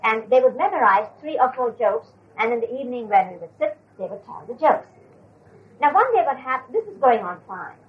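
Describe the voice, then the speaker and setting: Older lady telling a story w lots of uhs, slightly high voice, muffled lo-fi tape. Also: big pitch swings, a little fast. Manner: warm, hesitant with fillers. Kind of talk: anecdote retelling. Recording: dull lo-fi recording.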